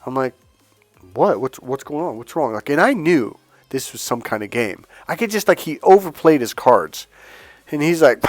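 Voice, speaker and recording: A man who coaches on dating and healing, giving an animated, preachy motivational talk and retelling a story. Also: medium pitch, normal speed, no echo. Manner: animated, acts out other people's lines in the story; preachy, emphatic. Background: faint music.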